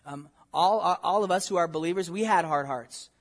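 A man's voice: fairly high pitch, moderate pace. A man preaching a sermon as pastor, earnest and emphatic, posing rhetorical questions to his congregation.

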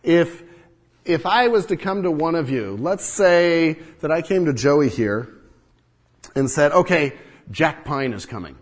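A man's voice: fairly high pitch, expressive, a little slow. Earnest preacher man in a reverberant hall. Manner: earnest, rises and falls in loudness, acts out quotes. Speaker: pastor. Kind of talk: sermon.

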